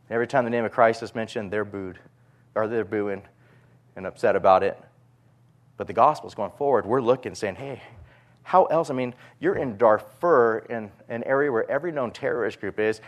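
Animated man preaching. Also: medium pitch. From United States. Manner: animated storyteller, quick bursts and frequent repeats. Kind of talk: sermon with personal storytelling. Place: room with a live audience.

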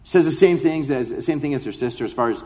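A man gives a sermon, reading scripture and then unpacking it in an easy conversational way before rising into heartfelt pleading. His voice sits at an ordinary middle pitch. The sound carries a long reverb, like a large church hall. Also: fast, darkish tone. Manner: reads scripture then explains it conversationally, rising to impassioned pleas. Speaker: pastor. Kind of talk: expository sermon.

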